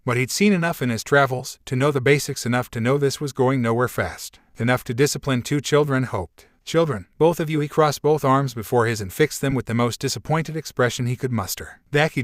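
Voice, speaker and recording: A man reading a fanfiction story aloud in a steady narration style, keeping his tone even across all the characters. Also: medium pitch, dry recording, clean studio sound. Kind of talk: scripted audiobook narration.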